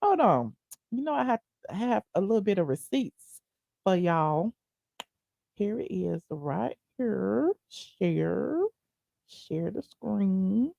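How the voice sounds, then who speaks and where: A woman hosting a casual livestream, chatting to viewers in a sassy, animated, digressive way. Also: mid-range voice, a little slow, vocal fry, no room sound, lo-fi sound. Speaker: livestream commentary host. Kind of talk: casual commentary reading viewer chat.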